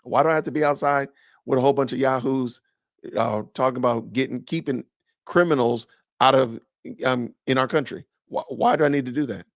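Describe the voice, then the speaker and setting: A man's voice: mid-range voice, brisk, creaky, no echo, clean studio sound. A man hosting a podcast, reacting to a clip with incredulous, sarcastic rhetorical questions. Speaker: podcast host. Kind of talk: reaction commentary.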